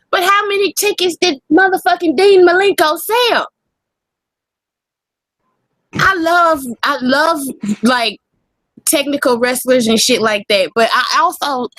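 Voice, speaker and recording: A woman co-hosting a casual wrestling podcast, animated and profane, laughing often. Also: high-pitched, no echo. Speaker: podcast co-host.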